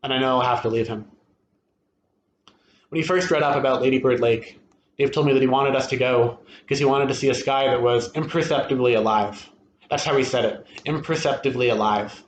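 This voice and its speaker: A man reads a short story aloud in a steady, first-person storytelling voice that lifts at tense moments. His middle-pitched voice rings in an echoey room, with faint ambient noise underneath. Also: a little fast. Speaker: reader at a literary event.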